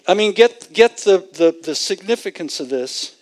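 A man's voice: high-pitched, lively intonation, normal speed, low-quality recording. A man preaching a sermon, earnestly explaining scripture and stressing his points with emphasis. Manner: earnest, emphatic, retells scripture with vivid acted-out quotes. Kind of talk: sermon teaching.

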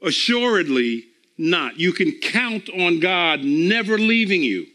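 Slow, emphatic male preacher. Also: sits high, sing-song, sharp tone. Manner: emphatic, repeats phrases for effect; slow and deliberate, drawn-out pauses. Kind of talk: sermon.

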